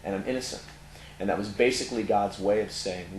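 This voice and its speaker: A middle-aged man with a Californian accent tells his story candidly in an interview, his low voice full of ums and restarts. The room is echoey, with a faint hiss behind him. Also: a little fast. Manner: candid storytelling with many fillers. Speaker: interview guest, tattoo parlor owner. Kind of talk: personal testimony in conversation.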